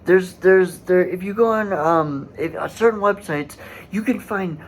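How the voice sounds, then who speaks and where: A man hosting a solo commentary podcast, speaking in a halting way with many fillers and restarts and growing indignant. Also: high voice, a little hiss or hum, poor audio. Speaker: podcast host.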